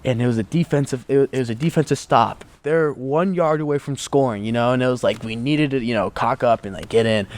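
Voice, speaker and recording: A young American man appears as a guest on the show, telling a story casually in a brisk, medium-pitched voice. He's animated and says "like" constantly.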